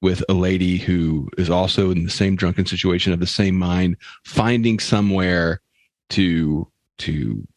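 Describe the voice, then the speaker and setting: Deep-voiced man asking wry questions. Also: steady tone, no echo. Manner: halting, restarts often, wry questions. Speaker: podcast co-host. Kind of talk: casual comedic chat.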